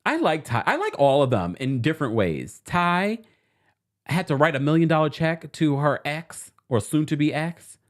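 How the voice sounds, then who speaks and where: Hosting a laid-back reality TV recap stream, this New Yorker speaks at a normal speed in a voice on the high side. He chats animatedly, laughs a lot, and reads viewer comments aloud.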